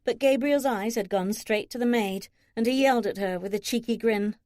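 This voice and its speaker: A woman narrating a romance audiobook in a steady, even reading style. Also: on the high side, moderate pace, few pauses, dry recording, studio quality. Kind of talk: scripted narration.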